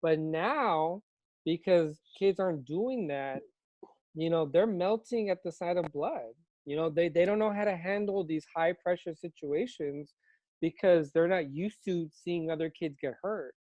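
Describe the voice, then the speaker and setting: A man who is a high school teacher co-hosting a casual unscripted chat, telling stories in an animated way and laughing often. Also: measured pace, dry recording, dull audio.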